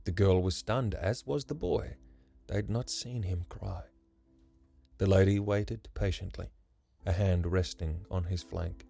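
A man narrating a rhyming story in a measured, lyrical way. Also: deep voice, creaky, dark tone, breathy edge. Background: faint music.

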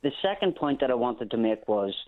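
A man from England calling in to a radio show, speaking earnestly and haltingly with many restarts. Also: mid-range voice, big pitch swings. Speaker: caller. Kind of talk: phone-in call. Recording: phone line.

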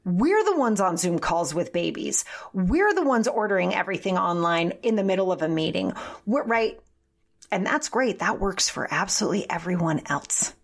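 Animated woman, lowish voice. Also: moderate pace, creaky. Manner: emphatic, animated, occasional swearing. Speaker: podcast guest. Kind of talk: conversational interview.

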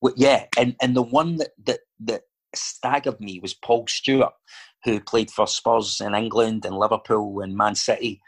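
A Scottish actor and filmmaker talks at a moderate pace in a fairly low, steady voice. Appearing as a guest in a casual chat, he tells stories and drifts into digressions, using lots of fillers.

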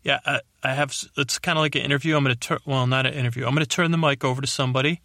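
A male podcast host opening a bedtime show in a soft, rambling way, often trailing off and restarting. His voice sits at a middle pitch and sounds dry and close to the mic. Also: steady tone, very fast, no echo. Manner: soft-spoken, meandering, self-correcting. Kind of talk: sleep podcast introduction.

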